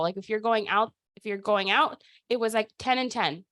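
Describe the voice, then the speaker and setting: A woman hosting a weekly sales team call, talking in an energetic, chatty way with lots of "like" and "dude". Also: medium pitch, moderate pace, few pauses, no room sound. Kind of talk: casual motivational talk on a video call.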